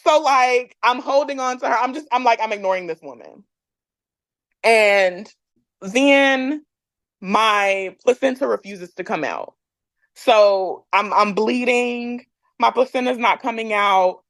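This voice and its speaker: A woman's voice: a little high, slow, no echo. Candid woman telling her story, dry sound. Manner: candid, animated, acts out others' lines; frequent fillers, laughs between lines. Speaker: podcast guest. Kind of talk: personal storytelling.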